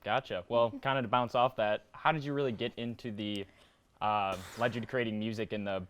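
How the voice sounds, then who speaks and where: A young man hosting a live campus radio interview, asking questions in a relaxed, friendly way and signing off upbeat. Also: fairly low pitch, brisk, clean tone. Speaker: interview host.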